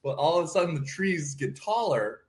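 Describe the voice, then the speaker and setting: A man's voice: fairly high pitch, lively intonation, moderate pace, a crowd in the background. Male co-host, casual morning radio, loose and rambling storyteller. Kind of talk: casual morning show banter.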